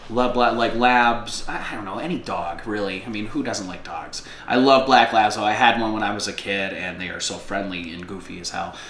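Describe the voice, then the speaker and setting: A man's voice: lowish voice, moderate pace, hardly any pauses, a bit bright. A man chatting casually as a guest musician, laid-back and rambling, with self-deprecating asides. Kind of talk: casual chat. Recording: roomy with faint ambience.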